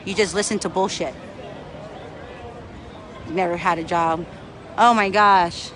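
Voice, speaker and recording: A man's voice: sits high, fairly even intonation, slow, bright, forceful tone, a faint crowd. A man livestreaming from a street protest, angry and profane, answering chat comments. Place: outdoors on a city street. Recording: faint street and traffic noise.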